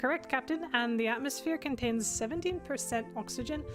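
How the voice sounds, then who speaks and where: A woman putting on a high calm robot officer with a Scottish lilt. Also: a little fast, lightly acted. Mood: analytical. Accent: attempted Scottish. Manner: clipped factual reports. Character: female robot science officer, calm and precise. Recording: music playing underneath.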